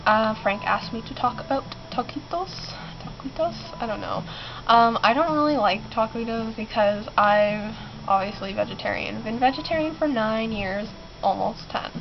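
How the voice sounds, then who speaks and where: A woman's voice: a little high, moderate pace. A teenage girl who is sick, rambling and giggling through a casual vlog from her bedroom, with many ums. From Canada. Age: teens. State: sick, clearing her throat. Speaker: vlogger. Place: bedroom in a basement. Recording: muffled lo-fi with clear background noise.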